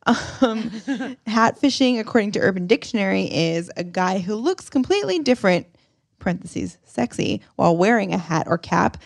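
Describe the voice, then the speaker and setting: A woman's voice: medium pitch, animated, moderate pace, creaky, dry recording, studio quality. A young woman co-hosting a casual dating podcast, chatty, telling stories with giggles. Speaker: podcast co-host. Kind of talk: casual chat.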